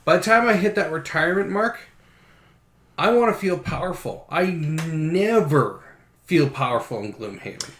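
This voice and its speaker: A man with a slightly higher voice, chatting casually as a co-host. He lays out his complaints frankly and conversationally. The sound bounces around an echoey room. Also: expressive, normal speed, fairly bright tone. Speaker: board game podcast co-host. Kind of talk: casual chat.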